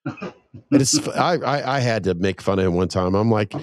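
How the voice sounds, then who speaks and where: A middle-aged podcast host chats casually in a laid-back way, swearing now and then, before reading the show's outro plug. His lowish voice is animated at a moderate pace, recorded at studio quality with no echo.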